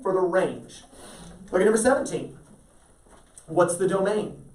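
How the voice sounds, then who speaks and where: A man teaches math in a classroom lecture, his high-pitched voice expressive and a bit dark in tone, his pace a little slow. He talks through problems and often checks whether students understand. Slight background noise, roomy echo, and a distant voice mark the recording.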